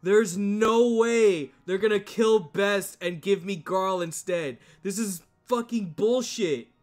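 A man streams a game live and talks over it at an unhurried pace. He swears often and repeats his exclamations again and again. Faint game music plays behind his voice. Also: high voice. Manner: profane, exclaiming, repeats himself.

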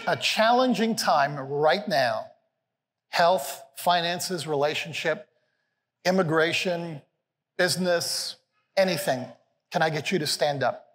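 In a big church hall, a senior pastor delivers a sermon to a live congregation. His voice is a little high for a man, trailing a long reverb off the room. He's animated and playful, lifting his pitch when voicing quotes.

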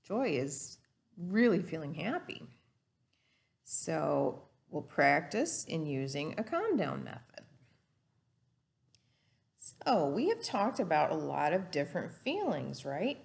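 Woman teacher talking to little kids, slow n bouncy, bit gravelly. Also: deep voice, huge pitch swings, darkish tone. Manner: slow, sing-song teacherly talk to kids. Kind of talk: children's lesson.

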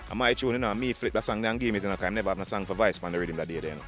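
A man with a Jamaican accent, a dancehall artist talking in an interview, fast and repetitive, often restarting his sentences. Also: on the low side, steady tone, a bit bright, soft background music. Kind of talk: interview, casual talk.

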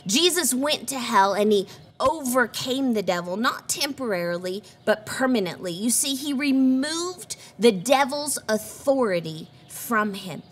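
Woman pastor preaching, earnest and steady. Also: a little high, a little slow. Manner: earnest, reads scripture aloud, warm pastoral address. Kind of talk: sermon. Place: church.

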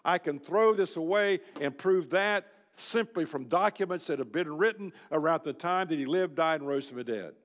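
Older guy preaching, blunt and folksy, kinda high voice, echoey hall. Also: moderate pace, hardly any pauses. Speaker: speaker at a men's luncheon. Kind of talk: sermon. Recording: reverberant hall.

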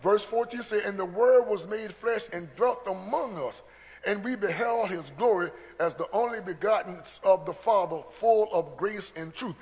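Earnest male church preacher, high and gravelly, in a reverberant sanctuary. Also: normal speed, darkish tone. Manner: earnest, repeats words when building a point. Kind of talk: sermon teaching. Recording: long church hall reverb.

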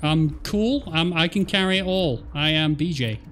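A man giving jokey, excitable let's play commentary, swearing at the game as he plays. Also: fairly high pitch, normal speed. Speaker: gaming streamer.

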